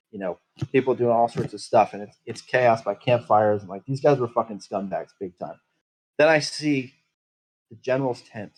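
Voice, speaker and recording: A man with a lowish, slightly rough, a little mellow voice rambles through his tabletop character's backstory in first person, bitter and swearing freely. The recording is rough.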